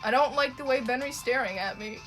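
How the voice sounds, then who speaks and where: A woman's voice: sits high, brisk, fairly bright tone, soft background music. A young woman from Ontario with a Toronto Canadian accent, chatting casually and rambling with swearing while she draws on a live stream.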